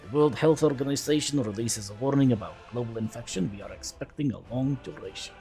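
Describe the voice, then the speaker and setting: A man's voice: medium pitch, creaky, warm tone, faint music behind, close to an everyday voice. A man streaming a game reads a warning message aloud in a mock thick Russian accent, solemn and running the sentences together. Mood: grave. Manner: deliberate, solemn, few pauses between sentences.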